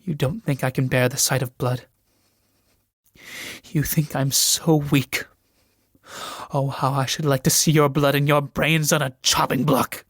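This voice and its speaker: A man's voice: mid-range voice, flat delivery, a little slow, pauses often, no echo, clean studio sound. A man reading the part of a proud, desperate young noblewoman in a solo reading of a stage play, swinging from pleading to furious shrieks.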